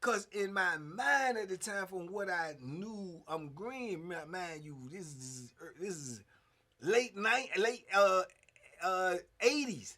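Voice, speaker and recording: A man in his fifties telling a story casually, animated, with punchy sound effects and frequent fillers. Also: high-pitched, takes it slowly. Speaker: host.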